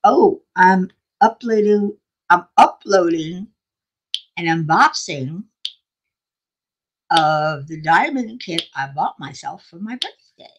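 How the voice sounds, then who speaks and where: A woman's voice: lowish voice, expressive, takes it slowly, long pauses, background noise. An older woman hosting a casual craft livestream, chatting in a rambling, self-deprecating way and laughing often. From South Florida.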